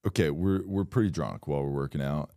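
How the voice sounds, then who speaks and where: A man co-hosting a comedy podcast, talking in a sardonic, deadpan way and reading an article aloud. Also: extremely low pitch, fast, no room sound, clean studio sound. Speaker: podcast co-host.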